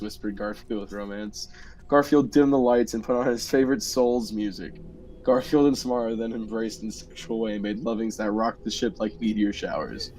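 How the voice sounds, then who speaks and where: A man hosting a podcast, reading comedic fan fiction in a deadpan way with bursts of laughter. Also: on the low side, a little fast, rough recording. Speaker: podcast host.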